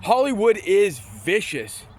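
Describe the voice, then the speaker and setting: A man's voice: sits high, sing-song, slow. A man casually telling motivational stories, rambling and restarting often, with scripture mixed in. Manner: mixes in scripture quotes. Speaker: motivational storyteller.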